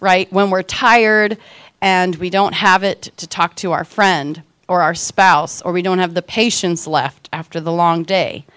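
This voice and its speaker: A woman's voice: medium pitch, no room sound. A woman, likely in her thirties, giving a casual devotional Bible teaching in a conversational way, often checking in with "right?".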